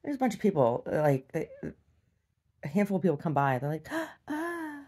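Blunt, low-voiced woman venting. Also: lively intonation, a little fast, warm tone, husky. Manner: blunt, profane, exasperated venting; mocks others in exaggerated voices. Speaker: video diarist. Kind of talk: casual video diary rant.

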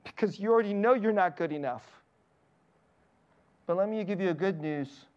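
A man's voice: high voice, normal speed. A man in his thirties preaches to his congregation, moving between personal stories and scripture. He laughs lightly between lines and speaks plainly. The recording sounds a little dull and lo-fi. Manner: personal storytelling with frequent laughs. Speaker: pastor. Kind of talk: sermon.

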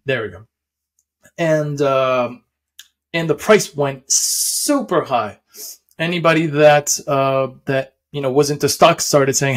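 Casting: young male explainer, slightly high voice, loose rambling delivery with lots of ums and chuckles. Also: unhurried. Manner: rambling, many fillers and restarts, chuckles often. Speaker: finance video host. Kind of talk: casual explainer.

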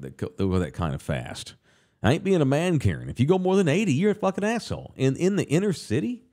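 A man's voice: mid-range voice, a little mellow. A man hosting a casual talk show, ranting profanely and with animation.

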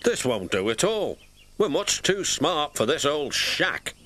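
A man's voice: on the high side, very animated, takes it slowly, fairly bright tone, voice pushed up, heavily acted. A British man voicing a proud, grumpy, snobbish male steam engine in a storybook reading, with a haughty, complaining manner. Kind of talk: storybook character voice.

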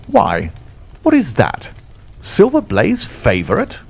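A man doing an agitated old colonel, pitched high. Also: wildly swooping pitch, slow pace, creaky, breathy edge, exaggerated voice. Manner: raised, strained, exclamatory. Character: agitated older male racehorse-owning colonel. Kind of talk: audiobook character voice.

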